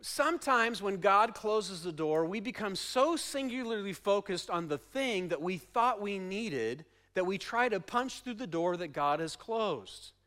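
A middle-aged male pastor preaching a sermon, telling stories with animated emphasis. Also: high voice, unhurried, few pauses.

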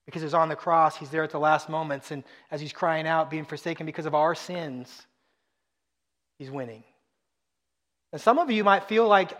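A man with a high voice delivers a sermon. He is animated and swings from quiet, low asides up to near-shouted emphasis. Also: moderate pace, pauses often. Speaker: pastor.

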